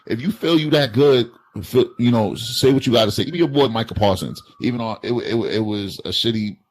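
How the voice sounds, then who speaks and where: A man's voice: mid-range voice, a little fast. A man co-hosting a casual sports talk show, brash and profane, mocking others in put-on voices. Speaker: podcast co-host. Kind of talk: casual chat.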